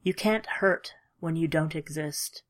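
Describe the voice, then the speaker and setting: A woman voicing a detached sorceress who speaks calmly and without pity in an audiobook story. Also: sits low, measured pace. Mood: cold. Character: cool, unmoved female sorceress.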